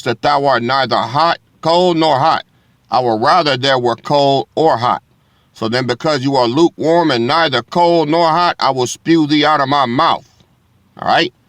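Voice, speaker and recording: A man preaching with a blunt, confrontational edge, mixing scripture readings with profane asides. His voice sits at an ordinary middle pitch. He keeps turning to his listeners to make sure they are following. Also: fairly bright tone, no room sound.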